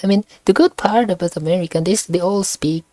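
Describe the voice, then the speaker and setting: A woman from Indonesia speaking English, giving casual reaction commentary in a halting way and repeating words as she looks for them. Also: on the low side, warm tone, no echo. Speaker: streamer reacting to a video.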